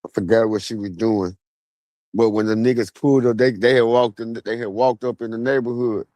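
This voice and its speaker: A young man telling stories in a relaxed, slang-heavy monologue, speaking outdoors at a graveside. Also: mid-range voice, fairly quick, no room sound. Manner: relaxed, slangy street talk with many fillers. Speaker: vlogger. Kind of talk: casual storytelling monologue.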